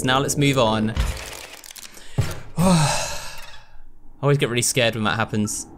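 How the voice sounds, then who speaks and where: A man's voice: medium pitch, fairly even intonation, slow pace, pauses often, music in the background. A British man giving casual let's-play commentary, chatting himself through each move. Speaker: gaming YouTuber.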